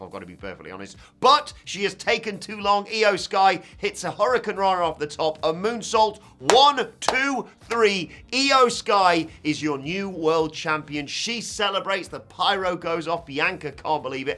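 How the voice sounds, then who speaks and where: A man recapping a wrestling show, animated, swinging from loud calls to hushed asides. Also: fairly high pitch. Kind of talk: scripted recap commentary.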